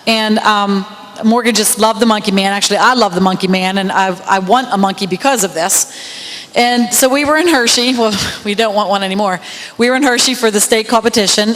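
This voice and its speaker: A woman's voice: mid-range voice, a bit bright, big-room sound, poor audio. A woman emceeing a county fair queen contest, telling a rambling, laughing story. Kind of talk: storytelling at a podium. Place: outdoor fair stage with PA system.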